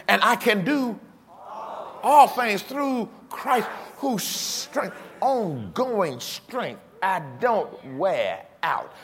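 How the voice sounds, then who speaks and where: Man, 60s, pastor, sermon, animated delivery, bright tone, call-and-response, chuckling asides. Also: high voice. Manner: emphatic preaching with repeated call-and-response.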